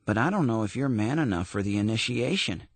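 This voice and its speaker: A man voicing a cocky teenage gang leader who speaks in a sly, smooth, testing way. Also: on the low side, lively intonation, a little fast, no echo.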